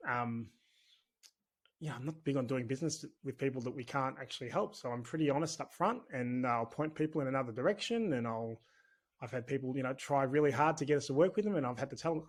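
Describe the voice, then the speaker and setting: This business owner is a guest on a podcast, and his Australian accent comes through a medium-pitched voice at a fairly quick clip. The interview is casual and conversational, and he rambles along in a chatty, candid way.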